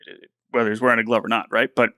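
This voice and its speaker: A man's voice: mid-range voice, racing, no room sound. Chatty male podcast co-host, dry sound. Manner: animated, laughs often, repeats words while thinking. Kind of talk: casual sports podcast chat.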